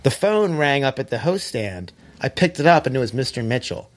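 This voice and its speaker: A man telling a long story in casual chat, animated, swearing and acting out quoted dialogue. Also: medium pitch, a little fast.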